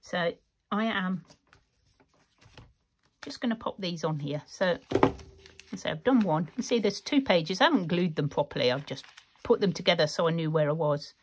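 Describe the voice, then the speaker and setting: A woman's voice: on the low side, lively intonation, normal speed, long pauses, slight background noise. A woman chatting casually through a craft tutorial, rambling and laughing often as she works. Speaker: craft vlogger.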